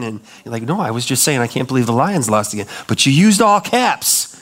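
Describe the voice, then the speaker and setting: A man preaching a sermon as pastor, talking in a conversational way, acting out quoted voices and dropping low and slow to stress a point. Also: lively intonation, fairly bright tone.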